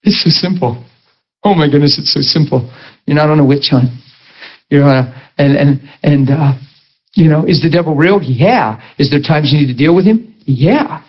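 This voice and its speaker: A male preacher giving a sermon, animated and playful as he tells stories. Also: a little high, normal speed, muffled recording. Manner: animated storytelling, bursts into laughter, playful.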